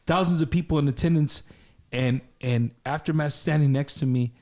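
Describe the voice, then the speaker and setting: A man's voice: a little high, normal speed, noisy background. A man hosting a group talk show, telling a long story in a rambling, profane way, repeating himself often. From Texas. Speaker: host. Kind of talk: loud storytelling in group chat.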